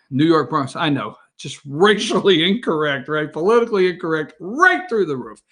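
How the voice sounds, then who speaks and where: A man hosting a morning show, giving casual political commentary in an excitable way and calling cues to his producer. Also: a little high, normal speed. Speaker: host.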